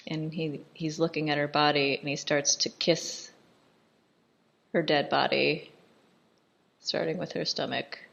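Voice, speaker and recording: A woman talks her way through a film in a loose, irreverent commentary, laughing at the scenes as they unfold. Her voice sits a little low and she speaks slowly, taking her time. The recording is dull and lo-fi. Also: gravelly.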